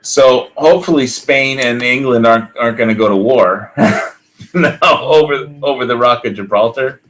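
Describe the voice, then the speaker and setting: A man's voice: medium pitch, normal speed, a bit bright, rough recording. A man hosting a podcast in casual chat, rambling with many fillers and restarts and laughing often. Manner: laughs often while talking. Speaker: podcast host.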